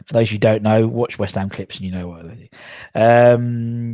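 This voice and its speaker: A man's voice: mid-range voice, normal speed, darkish tone, no room sound. A man, chatting casually on a livestream, rambling and self-correcting as he reads out viewer comments. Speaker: livestream host.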